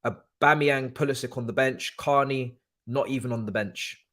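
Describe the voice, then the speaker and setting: A man's voice: medium pitch, normal speed, fairly bright tone. A young man ranting in a casual live-stream, exasperated and sarcastic, swearing now and then. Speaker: football watchalong streamer.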